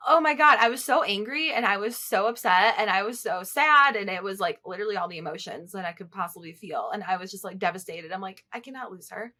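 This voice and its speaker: A woman co-hosting a podcast, telling stories in an animated, casual way and swearing freely. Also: medium pitch, quick pace, hardly any pauses. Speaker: podcast co-host. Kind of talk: casual chat.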